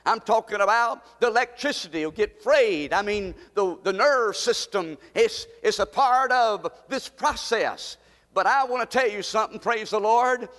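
A man's voice: high voice, pushed and bright, in a large hall. A man preaching a sermon as pastor, impassioned and repetitive, with pleading rises.

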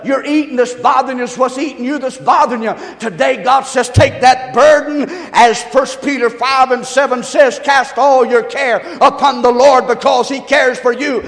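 A male pastor preaching a sermon to his congregation, swinging from quiet, hushed lines to loud shouting. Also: very high voice, gravelly, long reverb tail. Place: large church.

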